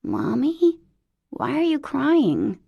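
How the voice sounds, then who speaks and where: A woman's voice: high-pitched, wildly swooping pitch, takes it slowly, vocal fry, dry recording, dull audio, pitched above the performer's own voice, heavily acted. A woman voicing a small boy who is sleepy, sullen and close to tears, in an audiobook. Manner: sleepy, sulky child talk.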